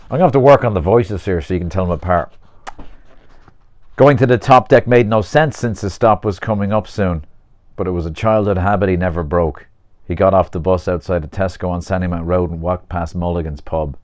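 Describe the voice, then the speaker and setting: A man's voice: low-pitched, a little fast, a little mellow, dry recording, studio quality. A man reading aloud from his own novel, stopping now and then for chatty asides. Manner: chatty, breaks off to comment on his own text. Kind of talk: informal audiobook reading with asides.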